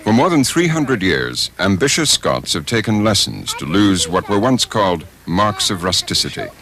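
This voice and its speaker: A man narrating a documentary in a measured, scripted way. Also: on the low side, very animated, crowd noise.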